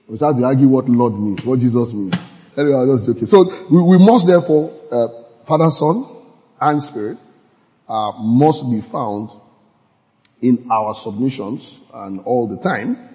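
With a dark tone and a mid-range voice at normal speed, a pastor preaches in a casual, talky way, laughing often and asking if the audience follows. The sound is muffled, with a long reverb from the hall.

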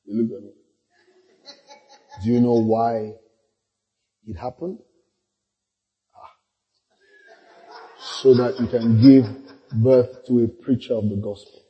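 A man's voice: medium pitch, fairly even intonation, takes it slowly, pauses often, breathy edge, dull audio. A middle-aged man, preaching a sermon through humorous personal stories, laughing often and acting out the voices of people in them. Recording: long echo of a large hall.

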